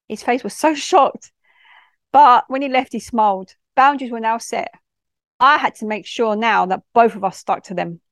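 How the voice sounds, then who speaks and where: A woman's voice: on the high side, normal speed, no echo, studio quality. A woman, a youth worker reading a personal story in a direct, no-nonsense way. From London.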